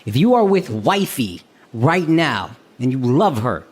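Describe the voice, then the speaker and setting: A man's voice: medium pitch, measured pace, slightly rough. Brash American man doing stand-up. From Texas. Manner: brash, profane, animated crowd work. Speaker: stand-up comedian. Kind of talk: stand-up comedy. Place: comedy stage before a live audience. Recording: live stage recording with audience.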